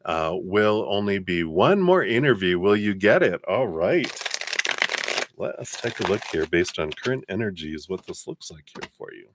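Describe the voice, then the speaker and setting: A man giving tarot readings on a live stream, relaxed and chatty, with many fillers and warm blessings to viewers. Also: low-pitched, normal speed, heavy background noise. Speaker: tarot reader.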